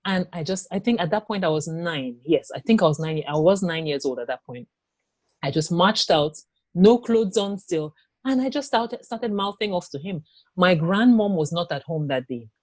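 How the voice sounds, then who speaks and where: A woman guest and author telling her own story in an interview, animated, often acting out what others said. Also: lowish voice, normal speed, no echo, studio quality. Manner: animated, acts out quoted speech.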